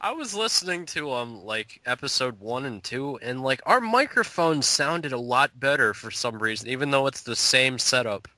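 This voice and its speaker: A man's voice: mid-range voice, animated, moderate pace, hardly any pauses, sharp tone, dry recording, rough recording. A man co-hosting a casual podcast, joking and laughing often, with a mocking streak. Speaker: podcast co-host. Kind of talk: profane casual chat.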